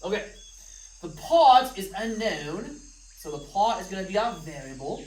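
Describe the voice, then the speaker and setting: A woman math teacher talks students through test problems with a playful, joking manner. Her voice sits at an ordinary pitch and lands a step away from the microphone. The room adds a noticeable echo around her. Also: very animated, normal speed, a little mellow. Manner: playful, jokey asides to students. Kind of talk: recorded math test review lesson. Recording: roomy, from a distance of the mic.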